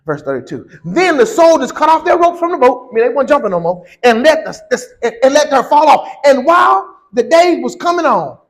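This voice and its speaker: A man preaching a sermon, reading scripture and then building to slow, emphatic shouted lines. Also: extremely high pitch, sing-song, rough recording.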